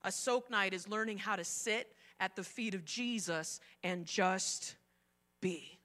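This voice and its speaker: A middle-aged woman pastor preaching a sermon, telling the story with energy and acting out the quotes, swinging between loud and soft. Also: medium pitch, takes it slowly.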